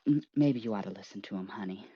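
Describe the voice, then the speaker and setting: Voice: medium pitch, expressive, unhurried, highs cut off, close to an everyday voice. A player doing a fretful Southern aunt. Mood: coaxing. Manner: sweet, anxious, calls people sugar and honey.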